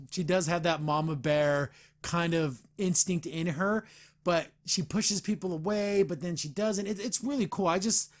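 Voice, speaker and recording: A man hosting a podcast, reviewing a comic in casual chat, earnest and rambling, with frequent restarts and heated asides. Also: a little high. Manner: gets heated about the veterans system.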